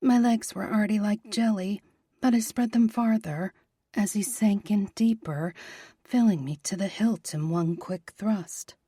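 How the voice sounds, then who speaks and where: A woman narrating a romance audiobook in a soft, breathy, half-whispered voice. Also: mid-range voice, unhurried, dry recording, clean studio sound.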